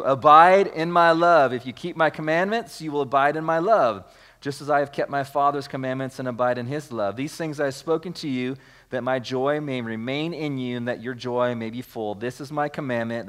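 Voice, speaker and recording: In a smooth, mid-range voice, a man delivers a sermon as pastor. He reads from scripture and then explains it through repetition, restarted phrases and mounting emphasis, calling out for the congregation to take part.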